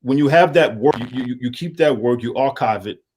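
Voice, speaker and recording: A man's voice: medium pitch, a little fast, darkish tone, breathy edge. A man talking as a guest in a casual call-in chat, in a laid-back, streetwise way with many fillers. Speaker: guest, media and water business owner. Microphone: call-in line.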